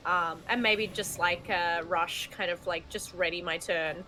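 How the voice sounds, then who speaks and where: A woman's voice: lowish voice, steady tone, measured pace, bright, forceful tone, poor audio. A woman playing a tabletop game, casual and joking. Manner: joking, laid-back. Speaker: player.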